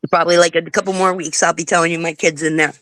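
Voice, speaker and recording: A woman's voice: on the low side, little pitch movement, racing, fairly bright tone, dry recording. Profane middle-aged woman telling stories. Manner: profane, storytelling, mimics others. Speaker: livestream host. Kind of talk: casual livestream chat.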